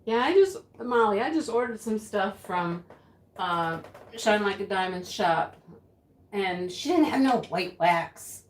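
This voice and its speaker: A woman's voice: mid-range voice, expressive, a little slow, natural voice. An actress playing a rambling, easily flustered woman who hosts a home craft livestream and giggles often. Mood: giggly flustered. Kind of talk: sketch comedy character acting. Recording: roomy echo.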